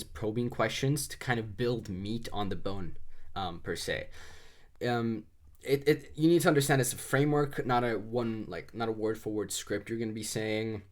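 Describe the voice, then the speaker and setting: A man giving loose, conversational cold-calling advice, full of fillers and restarts, sounding slightly congested. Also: mid-range voice. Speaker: sales trainer. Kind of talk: casual instructional talk.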